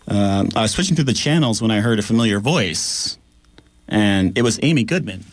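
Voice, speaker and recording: A man co-hosting a community radio show, telling his story in an animated, chatty way with plenty of fillers. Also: on the low side, moderate pace, soft background music. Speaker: radio apprentice co-host. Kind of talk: casual radio chat. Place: radio studio.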